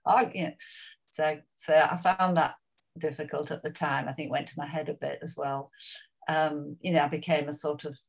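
A woman's voice: low-pitched, flat delivery, moderate pace, gravelly. An older actress reflecting on her career in an interview, chatty and anecdotal, with many asides.

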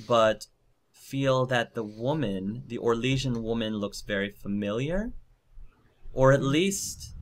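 A man narrating a tabletop game as game master, hesitant, with many fillers. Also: medium pitch.

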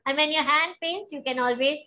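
A woman leading a guided healing practice, gentle and instructive, often checking that her listeners follow. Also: high voice, fairly quick. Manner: gentle, instructive, asks for confirmation. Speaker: spiritual teacher. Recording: dull, lo-fi.

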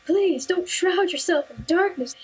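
A woman's voice: extremely high pitch, expressive, measured pace, faint music behind, pitched above the performer's own voice. A young woman voicing a pushy religious man who pleads with her in a sermon-like tone. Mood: pleading.

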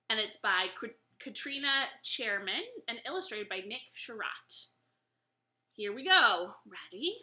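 A woman's voice: on the high side, expressive, a little slow, bright, forceful tone. A woman working as a children's librarian, leading a baby storytime with a cheerful sing-song reading manner. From United States.

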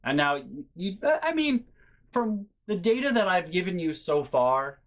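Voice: mid-range voice, fairly bright tone. A vlogger tells a casual story at home in a mid-range voice. They ramble, lean on fillers, swear freely, and sound incredulous throughout. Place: bedroom at home.

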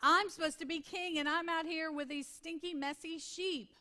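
A woman's voice: very high voice, steady tone, moderate pace, sharp tone. A woman preacher voicing a young shepherd man who complains impatiently about his sheep and the weather. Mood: grumbling. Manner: complaining, exasperated.

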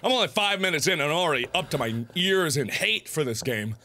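A man hosting a gaming video, ranting and swearing in animated let's-play commentary. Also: on the high side, brisk. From United States. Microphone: desk mic while recording with webcam.

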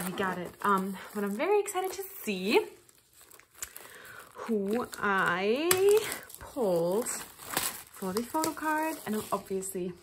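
Gushing woman with a lively, swooping voice. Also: medium pitch, a little hiss or hum. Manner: gushing and excitable, with frequent gasps, laughs and "oh my gosh"; chatty and rambling, with fillers and restarts. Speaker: vlogger. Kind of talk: casual unboxing chat.

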